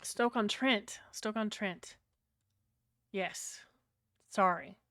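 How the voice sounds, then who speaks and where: A British woman rambles to her stream chat in a blunt, profanity-laced way. Her voice is smooth and resonant at a middling pitch. The sound is close and dry, with no room around it. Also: extremely slow, fairly bright tone, no echo. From Britain. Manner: blunt, sweary, rambling, chatting to her viewers. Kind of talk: casual livestream chat.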